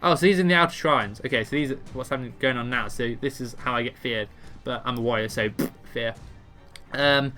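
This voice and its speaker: A man narrates his gameplay in an offhand, jokey way, reading ability text and tripping over words. His voice is bright and forward, and faint music sits under it. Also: medium pitch, fairly quick. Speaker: gamer explaining a raid boss. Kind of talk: casual gameplay commentary, reading abilities aloud.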